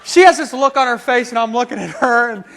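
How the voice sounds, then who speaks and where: Male keynote speaker, high-pitched, lively comic storyteller. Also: fast talker, creaky. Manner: animated, humorous storyteller. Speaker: motivational speaker.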